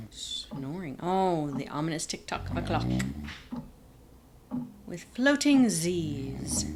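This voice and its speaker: Excitable woman playing a game. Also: medium pitch, background noise. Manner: chatty, easily excited, gasps and exclaims. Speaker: game streamer. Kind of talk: casual let's-play commentary. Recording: loud game music behind.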